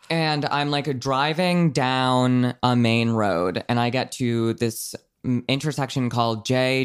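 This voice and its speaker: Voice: medium pitch, clean tone. Casting: young adult podcast co-host, casual, chatty, rambling, swears freely. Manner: rambling, filler-heavy, swears often. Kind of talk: casual chat.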